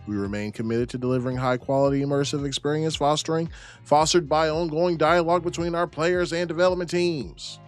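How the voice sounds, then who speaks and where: A man's voice: on the high side, a little fast, faint music behind. A man co-hosting a casual gaming podcast, reading news aloud and swearing freely. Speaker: podcast co-host.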